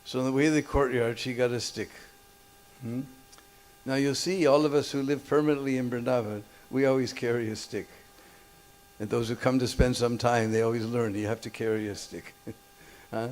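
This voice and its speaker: A man's voice: mid-range voice, fairly even intonation, moderate pace, a little mellow. A man preaching in a temple hall, telling a story and checking with his listeners with short questions and chuckles. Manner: keeps checking listeners with short "hmm?" and "huh?", chuckles often. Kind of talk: storytelling sermon.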